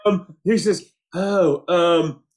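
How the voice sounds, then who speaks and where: A man's voice: sits high, drawn-out words. Laughing, swearing man retelling a show. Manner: animated storytelling, acts out quotes, swears freely, laughs often. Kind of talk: casual chat recapping a TV show.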